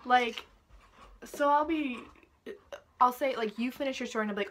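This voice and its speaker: A young woman venting to camera about pet peeves, profane and exasperated, her voice rising into loud outbursts. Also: a little high, normal speed, long pauses. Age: young adult. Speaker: vlogger.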